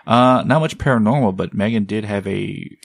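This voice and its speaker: Deep gravelly man, halting talk. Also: no echo, clean studio sound. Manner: halting, with filler words. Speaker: podcast co-host. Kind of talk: casual chat.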